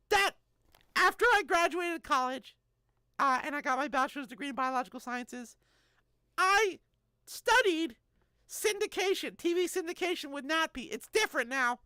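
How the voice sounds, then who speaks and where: A woman's voice: high voice, lively intonation, normal speed, pushed and bright, no room sound. A woman in her thirties streaming live, chatting casually and joking as she answers chat messages.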